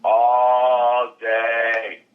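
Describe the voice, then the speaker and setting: A man's voice: medium pitch, completely flat delivery, drawn-out words, phone-quality sound. A man, a chef, chatting playfully and enthusiastically in an interview. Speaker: celebrity chef guest. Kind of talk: casual interview chat.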